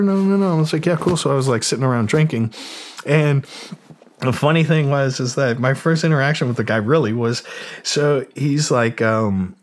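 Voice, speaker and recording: A man's voice: mid-range voice, brisk, slight background noise. A man in his forties, a podcast guest, telling a story in a profane, rambling way, full of fillers and acted-out quotes. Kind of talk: casual storytelling.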